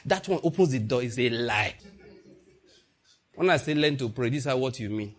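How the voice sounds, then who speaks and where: A man's voice: medium pitch, expressive, moderate pace. A man preaching a sermon to his congregation, acting out little dialogues and laughing along the way. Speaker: pastor.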